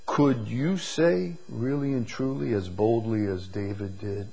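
A man preaching a sermon, drawing words out slowly and swinging from loud emphasis to hushed, quiet lines. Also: medium pitch, vocal fry, husky, poor audio. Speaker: pastor.

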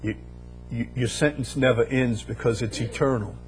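A man preaches a sermon in a mid-pitched voice. He drives his points home with repeated phrases that swell into louder bursts. Faint instrumental music plays softly behind him. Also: steady tone, normal speed. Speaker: pastor.

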